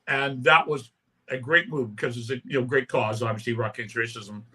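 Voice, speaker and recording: A man's voice: medium pitch, steady tone, brisk, bright, forceful tone, breathy edge. A man in his sixties from Canada, telling rambling anecdotes in a casual interview and often tagging his lines with "right?". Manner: rambling anecdotes with many "right?" tags and acted-out quotes. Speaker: interview guest, punk musician.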